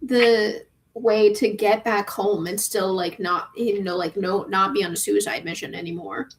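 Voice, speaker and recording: A woman's voice: medium pitch, steady tone, a little slow, poor audio. Chatty woman in a book club. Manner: chatty, full of fillers like "like". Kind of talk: casual chat.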